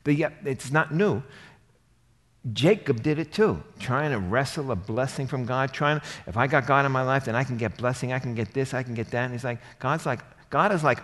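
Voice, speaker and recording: A man preaching a sermon, animated and emphatic, rising to forceful bursts. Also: mid-range voice, normal speed. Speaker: pastor. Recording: reverberant hall.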